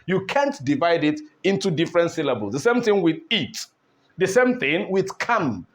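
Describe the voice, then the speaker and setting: Male online English teacher, high and animated, slow deliberate delivery, repeats words, checks in with listeners. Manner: slow, deliberate, repeats words and syllables, asks "all right?". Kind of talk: online pronunciation lesson.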